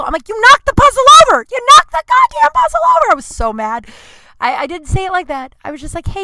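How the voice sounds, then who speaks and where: Bright-voiced woman ranting on her podcast. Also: fairly high pitch, no echo. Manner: profane, animated storytelling with sudden loud outbursts. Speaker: podcast host. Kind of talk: casual solo podcast chat.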